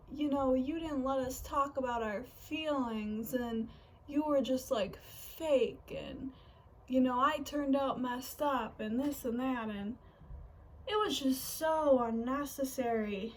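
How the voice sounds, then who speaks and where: A young woman casually recapping a movie, chatty and animated, with lots of fillers. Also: fairly high pitch, recorded from a distance, rough recording. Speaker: movie reviewer.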